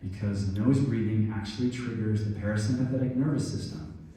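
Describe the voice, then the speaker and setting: A man's voice: lowish voice, brisk, warm tone, far from the mic. A middle-aged man giving an instructive talk on stress and injury, explaining things and speaking straight to his listeners, recorded in a very echoey room from off-mic. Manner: explanatory, addresses listeners directly. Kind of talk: instructive talk with a guided breathing exercise.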